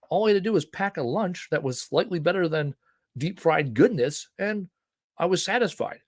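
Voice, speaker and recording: A man's voice: sits high, animated, moderate pace, dry recording, studio quality. A man of forty hosting a live show, talking in a loose conversational way, full of fillers and rhetorical "right?". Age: 40s. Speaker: host. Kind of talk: casual live-show monologue.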